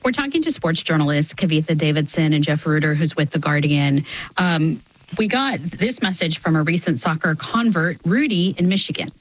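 A woman's voice: deep voice, animated, moderate pace, poor audio. A woman hosting a radio interview in a conversational, lightly joking manner. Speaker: radio show host.

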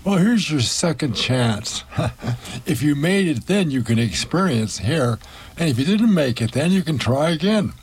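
A man narrating a storybook and hosting a radio show, slow and deliberate. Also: on the high side, sing-song, breathy edge.

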